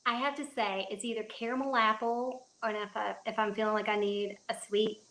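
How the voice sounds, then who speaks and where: A woman's voice: medium pitch, level tone, brisk, a bit bright, roomy sound. A woman with a Kentucky accent hosting a casual live chat stream from her phone, rambling and laughing often. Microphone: phone at arm's length.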